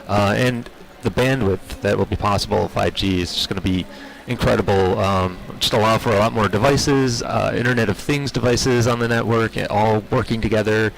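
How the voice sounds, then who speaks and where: A man speaking for an industry group, explaining technology trends in a measured way with many filler words. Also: on the low side, gravelly, low-quality recording. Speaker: industry spokesperson. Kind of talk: on-site interview.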